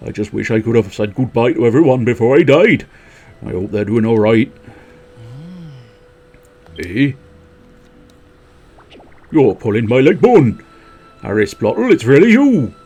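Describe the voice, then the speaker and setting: A man's voice: mid-range voice, very animated, measured pace, pauses often, mellow, breathy edge, heavily acted. A man voicing a cheerful young undead soldier, eager and full of bony puns. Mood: chirpy.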